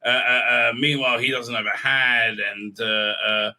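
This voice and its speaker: Bright-voiced man rambling through a recap. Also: medium pitch, steady tone, normal speed. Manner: hesitant, heavy on fillers, irreverent. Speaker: video reviewer.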